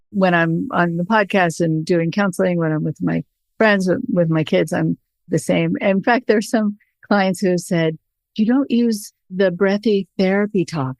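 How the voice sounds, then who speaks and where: A woman's voice: fairly low pitch, creaky, dry recording. Frank woman podcast host. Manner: frank and conversational, with a touch of humor. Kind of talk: casual podcast conversation.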